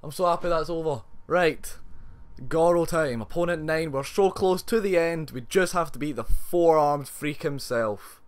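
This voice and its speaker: A man's voice: a little high, normal speed. A young man doing let's play commentary over a fighting game, swearing a lot and breaking into frustrated outbursts. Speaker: gaming channel host.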